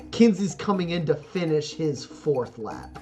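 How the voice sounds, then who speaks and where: Game master, slow rambling narration, mid pitch, lots of fillers, faint music bed. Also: sing-song, dark tone.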